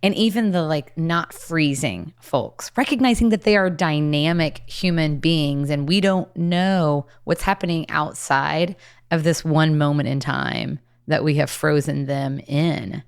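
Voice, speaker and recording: A woman's voice: low-pitched, lively intonation, unhurried, vocal fry, clean tone. A woman hosting a leadership podcast, introducing and interviewing her guest with eager enthusiasm. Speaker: podcast host.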